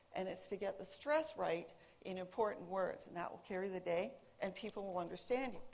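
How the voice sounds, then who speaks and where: A woman who speaks English natively, giving a lively, emphatic stage talk and quizzing her audience. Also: on the high side.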